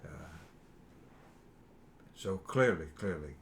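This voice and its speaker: An older man, reminiscing in a halting, rambling way with fillers while his son interviews him. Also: low voice, animated, noisy background. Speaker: father being interviewed. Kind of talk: casual family interview.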